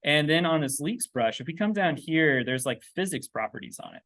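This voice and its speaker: A man giving a casual software tutorial, chatty and loose, thinking aloud with lots of fillers and checking in with "right?" as he works on a laptop. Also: on the high side, animated, a little fast, dry recording. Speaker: 3D texturing instructor. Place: indoors at a laptop.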